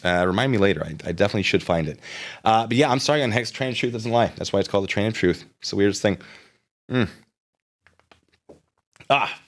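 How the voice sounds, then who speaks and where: Animated sarcastic male streamer. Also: medium pitch. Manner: animated, sarcastic, reads chat aloud. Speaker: live streamer. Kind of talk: casual stream commentary.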